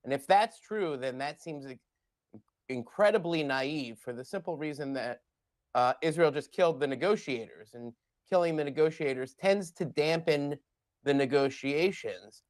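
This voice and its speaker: A man's voice: fairly high pitch, moderate pace, dry recording. Man, political analyst, blunt, wry, dry close sound. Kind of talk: live news commentary.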